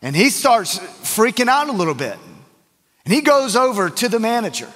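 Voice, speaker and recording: A man's voice: very high-pitched, very animated, moderate pace, a bit bright. A male pastor, preaching a sermon in a casual, joking storytelling manner full of fillers and restarts. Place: church sanctuary. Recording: church hall with long reverb.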